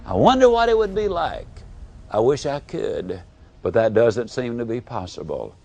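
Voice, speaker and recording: A man giving a live motivational speech, telling folksy stories and swinging between booming and hushed delivery. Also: very animated, moderate pace, gravelly, muffled recording. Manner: folksy storytelling. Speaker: motivational speaker.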